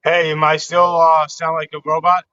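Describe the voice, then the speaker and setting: A man's voice: on the high side, monotone, normal speed, bright, forceful tone, smooth, no echo. A man calling into a sports show, rambling in a loose, chatty way. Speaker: caller. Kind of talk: casual call-in chat. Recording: dull lo-fi online stream audio.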